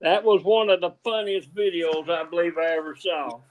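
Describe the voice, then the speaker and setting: A man's voice: high-pitched, moderate pace, poor audio. A cheerful man chatting with friends on a video call, laughing often. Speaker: guest woodworking YouTuber. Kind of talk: casual group video chat.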